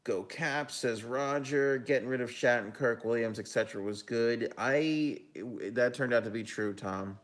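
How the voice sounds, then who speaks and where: Unhurried yet with hardly any pauses, a medium-pitched male hockey talk show host and analyst chats casually on a live stream. He reads viewer comments aloud and lays out his picks, frequently saying um and correcting himself.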